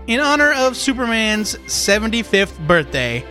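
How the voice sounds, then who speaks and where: A man co-hosting a casual comics podcast, talking excitably and rambling with lots of "like". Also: sits high, moderate pace, soft background music. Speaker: podcast co-host.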